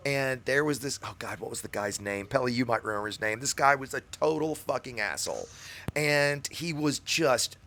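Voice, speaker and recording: A man hosting a game stream, telling stories in casual chat, swearing freely and tagging his sentences with "right?". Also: medium pitch. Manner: animated storyteller, swears freely, many "right?" asides.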